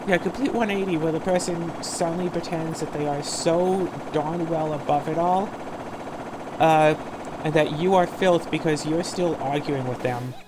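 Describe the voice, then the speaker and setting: A woman's voice: low-pitched, steady tone, normal speed, background noise. A woman hosting a let's-play, ranting sarcastically in casual gameplay commentary.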